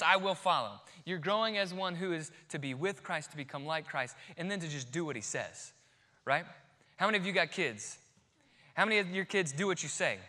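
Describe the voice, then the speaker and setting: A man in his thirties, a pastor preaching a sermon, swinging from quiet, slow emphasis to near-shouting. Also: sits high.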